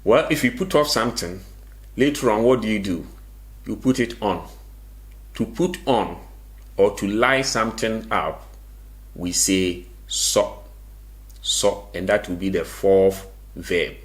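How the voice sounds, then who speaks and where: Slow, patient male language teacher. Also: lowish voice, lively intonation. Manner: patient, repeats each word, asks and answers his own questions. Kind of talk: video language lesson.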